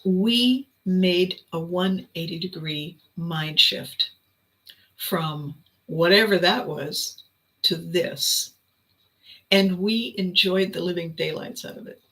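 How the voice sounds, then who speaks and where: A woman hosting a podcast, telling a story as an animated, laughing storyteller. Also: on the low side, takes it slowly, poor audio. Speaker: podcast host. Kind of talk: reflective storytelling monologue.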